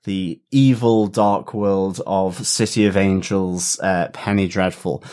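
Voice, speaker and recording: A male podcast co-host with a lowish voice, chatting casually about television. He takes his time and leans on small filler pauses between thoughts. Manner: relaxed, with frequent filler pauses. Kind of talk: casual chat.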